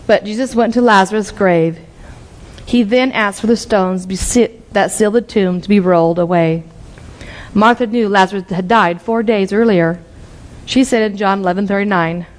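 A woman's voice: medium pitch, moderate pace. A middle-aged woman preaching an earnest Bible-teaching sermon, reading scripture passages aloud.

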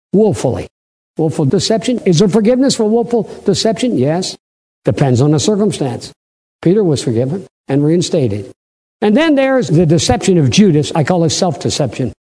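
Dramatic male preacher in a reverberant hall. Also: dark tone. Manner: dramatic, acts out scripture voices with big pitch swings. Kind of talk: sermon.

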